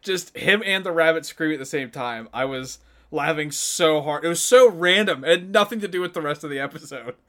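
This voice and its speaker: A man's voice: a little high, fairly quick, fairly bright tone. A man co-hosting a podcast in casual chat, laughing often and swearing as he retells scenes. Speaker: podcast co-host.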